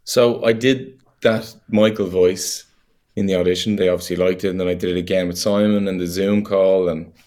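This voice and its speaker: Low-voiced Irish man telling stories. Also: normal speed. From Ireland. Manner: animated storyteller, laughs easily, many fillers. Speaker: actor guest. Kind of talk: casual interview chat.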